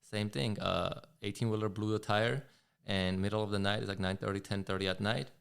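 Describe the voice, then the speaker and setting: A man's voice: lowish voice, fairly even intonation, a little fast, creaky, a bit bright, clear, resonant tone. A man talking as a podcast guest in a casual conversation, reflective and restarting his sentences often. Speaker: guest rider.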